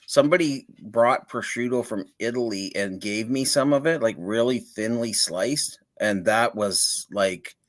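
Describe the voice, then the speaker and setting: A man's voice: mid-range voice, unhurried, few pauses. A man chatting casually on a video call, rambling with lots of filler words and chuckling often. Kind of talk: casual chat.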